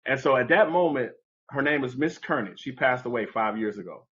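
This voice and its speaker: In a muffled recording, a man speaks expressively and a little fast with a fairly bright tone. As a podcast guest, he tells an animated story from his youth, voicing the people he quotes with big pitch jumps.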